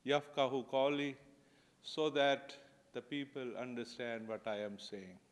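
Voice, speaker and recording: A man recites a prayer and explains it line by line, slowly and deliberately. His mid-pitched voice carries a long echo in a large hall. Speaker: symposium speaker.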